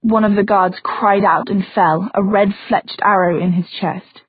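A woman reading fantasy fiction aloud as an audiobook narrator, in a steady, even storytelling manner. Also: mid-range voice, measured pace, slightly rough, no echo. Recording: dry, phone-like narrow sound.

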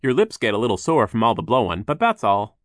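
A man's voice: lowish voice, very animated, brisk, no echo, studio quality. A man doing a chirpy, upbeat mill worker. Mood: cheerfully reassuring. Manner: upbeat, reassuring, raised voice. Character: relentlessly cheerful adult male mill worker. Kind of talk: audiobook character voice.

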